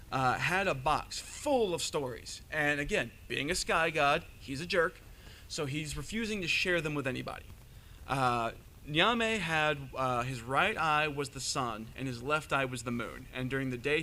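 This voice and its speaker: A man's voice: mid-range voice, moderate pace, a little hiss or hum. A man telling a myth at a live panel in a casual, jokey way with a few fillers. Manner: animated, jokey retelling with fillers. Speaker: panelist storyteller. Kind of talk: live storytelling to an audience. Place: convention panel room.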